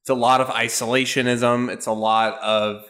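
Male podcast host, mid-pitched, easygoing, halting with ums and quick laughs. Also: level tone, a bit bright. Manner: laughs often, hesitant with ums. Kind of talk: casual chat.

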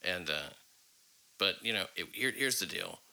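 Male podcast host, deep and gravelly, loose and profane. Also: lively intonation, normal speed, pushed and bright, poor audio. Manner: rambling, profane, many fillers. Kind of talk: casual podcast chat.

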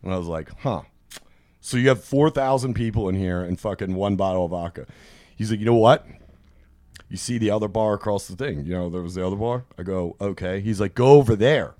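A man's voice: on the low side, fairly quick, dry recording. Profane storytelling man, dry podcast mic. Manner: profane, animated anecdote-telling, acts out quoted people. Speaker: podcast host. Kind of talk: casual storytelling chat.

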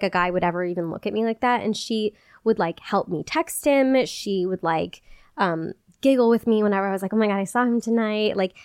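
A woman's voice: a little high, a little mellow, no room sound, studio quality. Chatty young-sounding woman podcast host. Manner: chatty, peppered with "like", quick bursts and giggles. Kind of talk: casual solo podcast chat.

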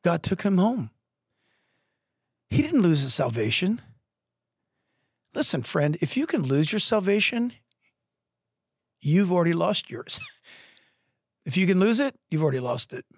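A middle-aged man preaching a podcast sermon as pastor, telling stories with lively acted-out voices. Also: high-pitched, moderate pace, long pauses, husky, dry recording, clean studio sound. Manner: animated, acts out voices in stories. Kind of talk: sermon storytelling. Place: podcast studio.

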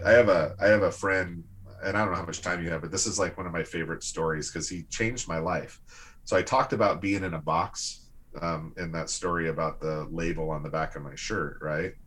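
A man with a low, husky voice tells a personal story to a host in an easygoing, conversational way. He is animated and lively, pushing his voice up as the story builds. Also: fairly quick. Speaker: guest.

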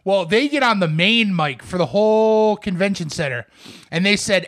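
A man's voice: high voice, animated, normal speed, fairly bright tone. A man co-hosting a casual podcast, telling a long rambling story full of "like" and acted-out quotes. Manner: rambling, many "like" fillers, acts out quotes. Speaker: podcast co-host.

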